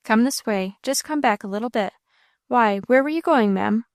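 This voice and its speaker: Blunt rustic farmer, rough deep voice, plain country talk, voiced by a woman narrator. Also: normal speed, no room sound, studio quality, close to an everyday voice. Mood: gruff, neighborly. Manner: homespun country dialect, blunt. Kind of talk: audiobook character reading.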